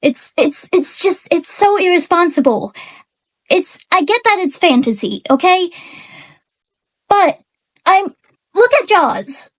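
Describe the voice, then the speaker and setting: A woman's voice: very high-pitched, expressive. A woman ranting in an unscripted vlog, angry and near tears, stammering and restarting her sentences, recorded on poor audio with an unplugged mic. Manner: angry, halting, stammering rant. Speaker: book reviewer.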